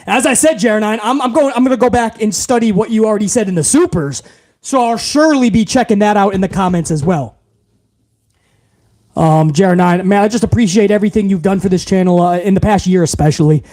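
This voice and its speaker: A man's voice: sits high, a little fast, a little mellow. A man hosting a wrestling livestream, thanking viewers in a hyped, profane, rambling way. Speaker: host.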